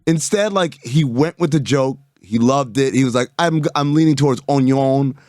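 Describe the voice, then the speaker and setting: A man from Arizona, a regular on a sports talk show, chatting casually, animated and laughing between thoughts. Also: mid-range voice, normal speed, dry recording, studio quality. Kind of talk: casual chat.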